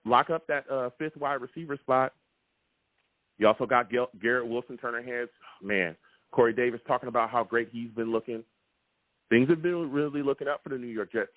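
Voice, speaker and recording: A man hosting a live call-in sports podcast, talking emphatically and repeating himself with excitement. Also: medium pitch, dry recording. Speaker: sports talk show host. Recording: tinny phone-like, dry sound.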